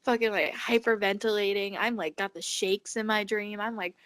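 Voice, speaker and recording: This teen girl, a podcast co-host, speaks at medium pitch and a moderate pace as she casually tells the story of a dream. She's lively, imitates the voices of the people in it, and swears freely.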